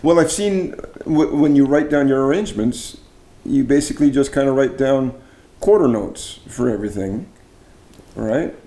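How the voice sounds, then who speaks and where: A man's voice: mid-range voice, animated, normal speed, warm tone, reverberant. A middle-aged man from Canada interviewing a fellow singer, chatty and admiring. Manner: enthusiastic, admiring, chatty with restarts. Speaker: interviewer, barbershop arranger and judging chair. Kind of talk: casual interview.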